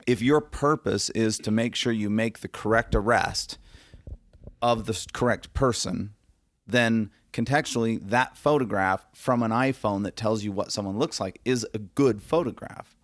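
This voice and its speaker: A man's voice: lowish voice, moderate pace, dry recording. A man talking as a guest photographer in a casual podcast conversation, emphatic and acting out the reactions he quotes.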